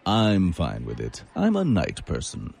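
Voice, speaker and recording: Smooth sinister devil guy on a hotline, real deep, swings all over, gravelly. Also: huge pitch swings, unhurried, a little mellow, exaggerated voice. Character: devilish man posing as hotline counselor, sly. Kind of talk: audio drama acting.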